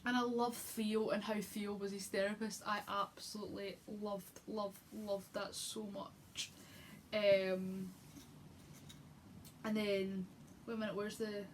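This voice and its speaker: A woman's voice: medium pitch, flat delivery, takes it slowly, slight background noise. A young woman chatting casually through a book review, gushing, with lots of fillers and restarts. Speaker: book vlogger.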